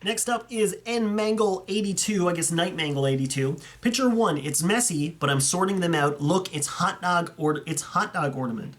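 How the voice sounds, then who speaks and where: A man's voice: a little high, lively intonation, normal speed, hardly any pauses. A young man chatting casually and enthusiastically as he reviews viewer photos, rambling and correcting himself as he goes. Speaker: YouTuber reviewing fan collections.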